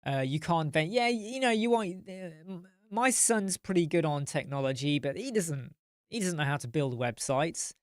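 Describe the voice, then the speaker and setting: A man's voice: on the high side, animated, moderate pace, smooth, no echo, studio quality. A man hosting a casual live chat, tired and yawning, rambling as he answers viewer comments.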